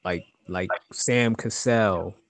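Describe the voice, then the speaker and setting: A man's voice: fairly low pitch, slow, dry recording. A man co-hosting a casual sports talk show, mostly agreeing and backing up his partner. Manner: agreeable, backs up the other host with short replies. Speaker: podcast co-host.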